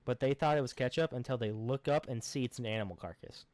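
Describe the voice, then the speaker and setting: A man's voice: medium pitch, fast, a little mellow. Rambling man recapping a movie. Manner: rambling, profane, sarcastic retelling. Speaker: podcast co-host. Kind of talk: casual film recap chat.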